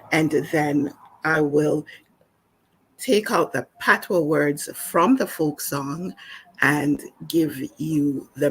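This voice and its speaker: A woman from Jamaica teaching a spoken language lesson in a calm, explanatory way, with small restarts. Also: low-pitched, breathy edge.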